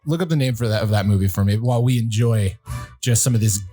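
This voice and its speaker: A man hosting a podcast in casual chat, loud and jokey, swearing freely. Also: lowish voice, fast talker, music in the background. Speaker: podcast host.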